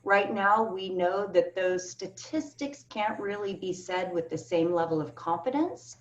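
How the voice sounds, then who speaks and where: Answering questions from a panel, a woman giving the keynote speaks earnestly and emphatically via video call. Her voice is medium in pitch and unhurried, though the call sound is dull, distant, and echoey.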